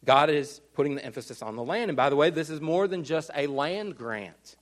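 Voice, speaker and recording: A man delivering a teaching sermon with a slightly high voice. He explains step by step in an earnest tone and slows down to press his main points home. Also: animated. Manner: earnest, explanatory, with slowed emphasis on key words. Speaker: pastor.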